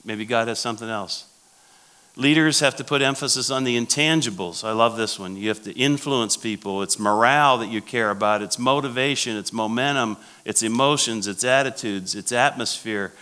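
Bright-voiced pastor giving a talk. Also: male voice, medium pitch, normal speed, smooth. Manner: storytelling, repeats key phrases. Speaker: pastor speaking at a church conference. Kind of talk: sermon-style leadership talk.

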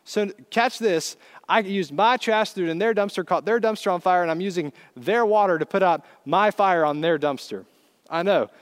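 A man preaching a storytelling sermon in an animated, conversational way. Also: sits high, moderate pace.

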